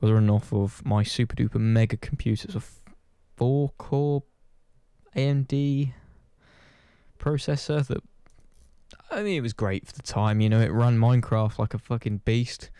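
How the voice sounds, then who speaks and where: A man's voice: mid-range voice, normal speed, mellow, clear, resonant tone, dry recording, studio quality. A man chatting casually to his channel's viewers, rambling and self-deprecating, swearing offhand. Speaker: gaming channel host. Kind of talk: casual chat to camera.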